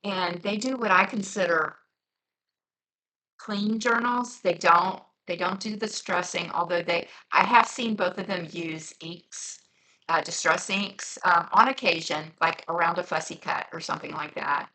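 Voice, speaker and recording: A woman's voice: on the low side, a little slow, bright, forceful tone, low-quality recording. A woman with a light Southern twang, chatting in a rambling way while she crafts on her vlog. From near Cincinnati, across the Ohio border. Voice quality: rambling, chatty, full of fillers. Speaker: journaling crafter. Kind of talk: casual crafting vlog chat.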